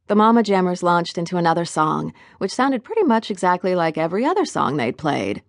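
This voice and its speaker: A woman's voice: fairly low pitch, sing-song, fairly quick, few pauses, no echo, studio quality. A woman narrating an audiobook in the first person, wry and conversational.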